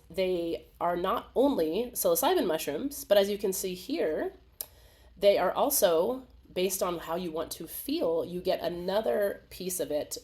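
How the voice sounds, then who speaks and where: Animated woman hosting a live webinar. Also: fairly low pitch. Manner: animated, laughing, acts out little voices. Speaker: webinar host. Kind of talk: casual live webinar talk. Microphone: video call.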